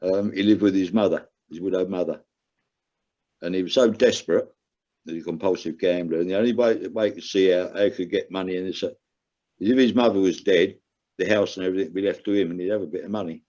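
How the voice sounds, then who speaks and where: Speaking quickly in a low, dark voice with fairly even intonation, this older man appears as a podcast guest recounting his life as a recovering gambler. He talks earnestly and emotionally, and his voice climbs sharply when he wants to emphasize something. The audio is dull and lo-fi.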